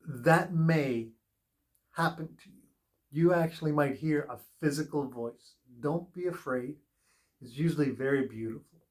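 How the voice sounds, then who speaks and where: A man giving a casual spiritual tarot reading, talking slowly with many pauses and fillers. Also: fairly high pitch. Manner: slow, unhurried, with pauses and fillers. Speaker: tarot reader.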